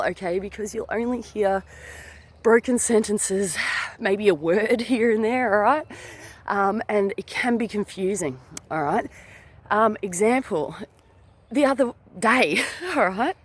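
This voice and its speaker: A woman who works as a spirit channeler, chatting casually to viewers, laughing often, dropping many fillers and "all right?" tags, and climbing high in pitch as she tells a story. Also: breathy edge. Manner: animated, rising high when telling a story.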